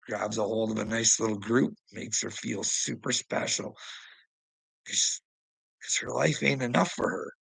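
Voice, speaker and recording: Taunting, gravelly-voiced man ranting. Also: dry recording, low-quality recording. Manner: taunting, preachy, laughing mockingly, swearing; swings between loud outbursts and low mutters. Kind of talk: ranting monologue to a rival streamer.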